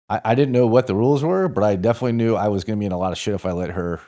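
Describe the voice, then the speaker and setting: Fairly low in pitch and mellow, his voice races along with few pauses. He's a St. Louis podcast guest in his forties, once a Marine, casually rambling through a profanity-laced story and catching his own mistakes mid-stream.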